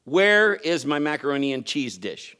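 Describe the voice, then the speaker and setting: A man voicing an exasperated young girl who insists something is gone, in an animated, indignant whine. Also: fairly high pitch, normal speed, smooth. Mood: insistent.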